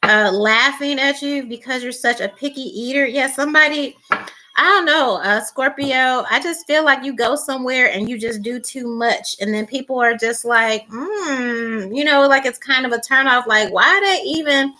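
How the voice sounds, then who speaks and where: A woman's voice: high voice, normal speed, sharp tone. A woman doing a casual tarot reading, rambling with many fillers and restarts, blunt and teasing. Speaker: tarot reader.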